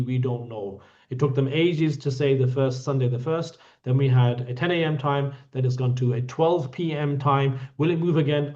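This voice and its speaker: A man's voice: mid-range voice, darkish tone. A man guiding a hajj group in an online Q&A session, talking bluntly with teasing jokes. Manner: blunt, joking, scolding. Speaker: hajj tour guide. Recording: dull lo-fi audio.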